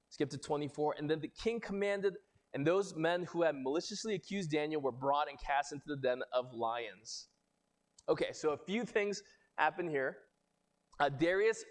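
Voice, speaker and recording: A young adult man, a pastor, reading scripture and preaching a sermon in a conversational way, lifting his voice when he quotes people. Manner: conversational preaching, rising pitch on quoted lines.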